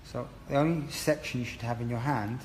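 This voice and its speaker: A man with a mid-range, darkish voice speaks a little fast while teaching a haircut over a live stream, encouraging and chatty as he walks through each step as a hairdressing educator. There's a bit of hiss or hum plus a roomy echo with long reverb and faint ambience.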